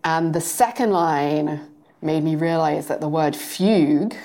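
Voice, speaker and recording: A woman's voice: low voice, measured pace, dark tone. A woman interviewing a poet about her book, talking in an enthusiastic, self-deprecating way with many fillers. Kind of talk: onstage book conversation.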